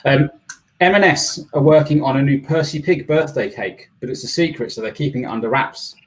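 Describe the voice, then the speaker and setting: A man competing in a pun contest, telling prepared jokes in a relaxed, modest way. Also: mid-range voice, fairly quick, rough recording.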